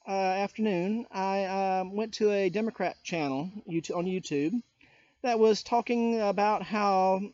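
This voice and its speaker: A man's voice: high voice, a little mellow, no echo, dull audio. Indignant man ranting on a vlog. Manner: indignant, addresses people directly with rhetorical questions. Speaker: YouTuber. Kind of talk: political rant vlog.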